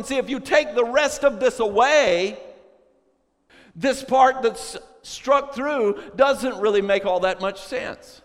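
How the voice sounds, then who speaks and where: A man preaching a sermon to a congregation, moving from chatty asides to shouted, drawn-out, emphatic phrases. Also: extremely high pitch. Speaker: pastor. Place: church sanctuary. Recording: long reverb of a large hall.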